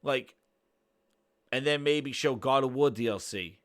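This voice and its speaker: Speaking at a measured pace in a mid-range, fairly bright voice, this gaming channel host rants casually in reaction. He meanders a lot, laughing and cursing often.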